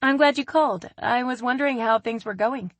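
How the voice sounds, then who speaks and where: A woman's voice: medium pitch, animated, normal speed, dry recording, voice pushed up. A woman reading the lines of a playful, cheerful young professional woman in a romance story. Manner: cheerful, playful, soft at times.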